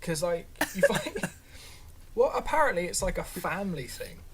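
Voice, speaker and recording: Chatty podcast co-host, mid pitch. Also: big pitch swings, normal speed. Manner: chatty, rambling, many "like" fillers. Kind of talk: casual chat.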